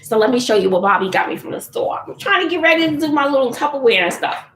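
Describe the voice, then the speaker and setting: Middle-aged woman, vlog host, lively sing-song chatter, roomy echo. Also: high voice, fast. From Texas. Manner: chatty, laughs often, calls viewers honey and child. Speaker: channel host doing a live chat. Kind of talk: casual livestream chat. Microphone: phone or computer.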